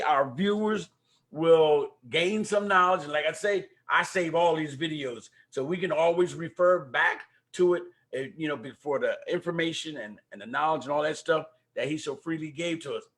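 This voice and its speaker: An older man hosting a community talk livestream, his voice sitting a little high for a man. He greets viewers by name and presses them to vote with a preacher's fervor. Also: normal speed. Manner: warm preacher-like exhortations. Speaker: host of a community talk show. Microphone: microphone at home.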